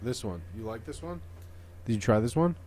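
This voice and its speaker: A man co-hosting a podcast in casual chat, quick and joking, often cutting in on the others. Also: medium pitch, animated, darkish tone, a little hiss or hum. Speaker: podcast co-host.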